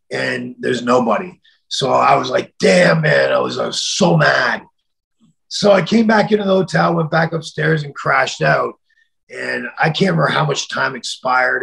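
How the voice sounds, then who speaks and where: A middle-aged man telling a story in an interview, acting out the quoted voices and sometimes shouting them. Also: mid-range voice, moderate pace, gravelly, rough recording. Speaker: interview guest.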